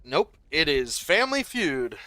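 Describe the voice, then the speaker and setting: A man hosts his own game stream, chatting at an easy, ordinary pitch. His talk rambles and loops back on itself, full of fillers and restarts, like someone thinking aloud for viewers. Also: normal speed, bright, forceful tone, smooth, no echo. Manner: rambling, loose, lots of fillers. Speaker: livestream host. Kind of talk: casual livestream chat.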